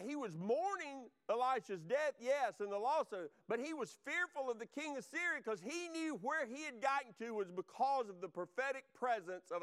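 High-voiced fervent preacher. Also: male voice, fairly bright tone, clean tone. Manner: fervent, exhorting, repetitive. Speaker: pastor. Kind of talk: sermon.

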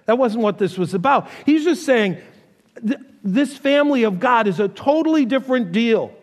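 A male pastor delivers a sermon in an animated storytelling style and acts out the characters' voices. His voice sits high and swings widely in pitch. The long reverb of a church hall carries every word. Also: moderate pace.

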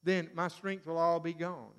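Strong biblical hero man, plain matter-of-fact delivery, high-ish voice, read by a preacher. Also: level tone, moderate pace, a bit bright, clear, resonant tone, lightly acted. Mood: evasive.

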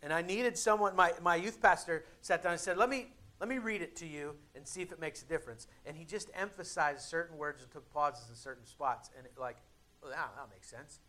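A young adult male pastor preaching a sermon in a conversational way, with dramatic pauses and emphatic builds. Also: a little high, sharp tone.

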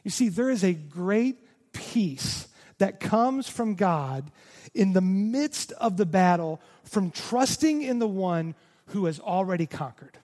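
A man's voice: high voice, darkish tone, big-room sound. A man preaching a sermon as pastor, earnest, often repeating words for emphasis.

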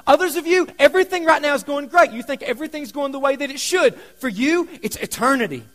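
A man preaching a sermon, telling stories in a conversational way, going from loud emphasis to hushed asides. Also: very high-pitched, lively intonation, fast talker. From Kentucky. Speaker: pastor.

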